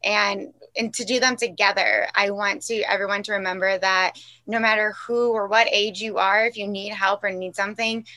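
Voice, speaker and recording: A woman guest speaking earnestly and haltingly, teary and emotional. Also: medium pitch, fairly even intonation, pushed and bright. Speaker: interview guest. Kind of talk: heartfelt personal talk.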